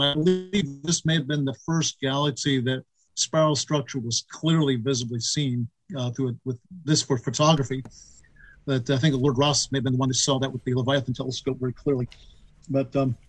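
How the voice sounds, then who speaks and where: A man of middle pitch speaking as a guest author, recorded close with no room sound. He explains things in a patient, measured way. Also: no echo, rough recording. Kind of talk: explaining astronomy.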